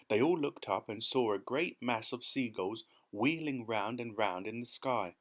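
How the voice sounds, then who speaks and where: A man reading an audiobook as narrator in an even, quiet storytelling manner. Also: medium pitch, a little slow, few pauses. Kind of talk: scripted narration.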